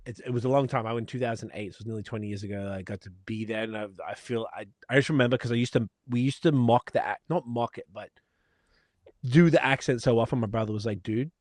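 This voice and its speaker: A man's voice: mid-range voice, quick pace, a little mellow, no echo, studio quality. A man from Australia co-hosting a podcast, chatting casually over beers and telling stories with laughter and swearing. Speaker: podcast co-host.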